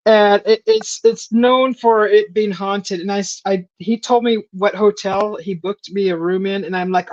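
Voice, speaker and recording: A woman in casual chat, rambling through a story and acting out quotes in a higher voice, on a stream mic. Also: steady tone, unhurried, few pauses, dry recording. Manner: rambling storyteller, acts out quotes with a high voice and laughs. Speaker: stream host. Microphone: streaming call mic. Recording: dull lo-fi stream audio.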